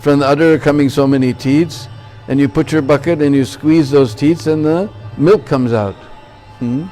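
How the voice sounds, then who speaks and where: A man's voice: a little high, moderate pace, warm tone, soft background music. A man giving a temple sermon, telling a story and checking in with listeners by asking "Hmm?" and "Huh?". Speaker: religious lecturer.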